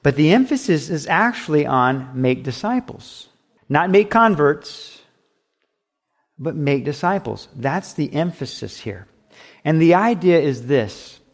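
A man's voice: fairly high pitch, very animated, unhurried. A man preaching a sermon as pastor, emphatic and repetitive, with acted asides.

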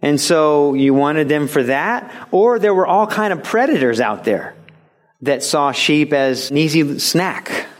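A man's voice: on the high side, lively intonation, measured pace. Emphatic, conversational male preacher. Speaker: pastor. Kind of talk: sermon.

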